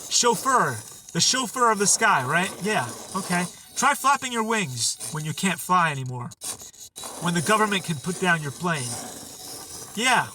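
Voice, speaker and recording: A man's voice: sits high, sharp tone, distant mic, a little hiss or hum, low-quality recording. A man hosting a channel, delivering a heated, sarcastic rant to camera and repeating his points for emphasis. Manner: heated, sarcastic, repetitive ranting. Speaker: channel host.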